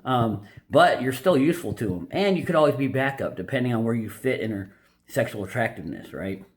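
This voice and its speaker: A brisk male host with a medium pitch and lively intonation summarizes a dating-advice book on video. The commentary is casual and unscripted; he's blunt, opinionated, and prone to rambling, fillers, and restarts.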